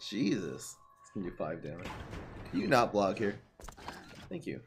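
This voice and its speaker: A young man commentating his own card game on stream, excitable and full of jokes. His pitch jumps around a lot, dropping to muttering and then rising to loud outbursts. Faint game music plays under his voice. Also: moderate pace. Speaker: gaming streamer. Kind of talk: live gameplay commentary.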